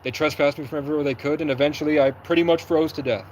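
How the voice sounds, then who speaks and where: A young man talks to his livestream from somewhere outdoors, his voice sitting a little high. He tells his story in an agitated, rapid rush and acts out the lines of others as he goes. Faint street and traffic noise runs behind him. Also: steady tone, a little mellow, poor audio. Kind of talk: livestream monologue.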